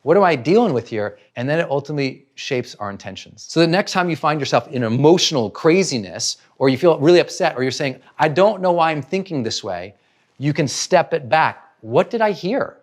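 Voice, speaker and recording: A middle-aged man gives a motivational talk on personal growth. His voice sits a little high for a man and swings widely in pitch. He keeps asking rhetorical questions and slips into the inner voices of the people he describes. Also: expressive, a little fast, hardly any pauses.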